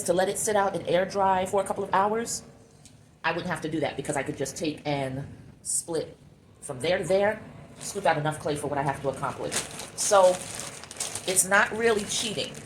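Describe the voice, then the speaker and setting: A woman's voice: on the low side, poor audio. A woman sculpting clay while she talks candidly and reflectively to her viewers, calling them y'all. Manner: candid and reflective, musing aloud. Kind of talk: casual talk while sculpting. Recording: steady background noise.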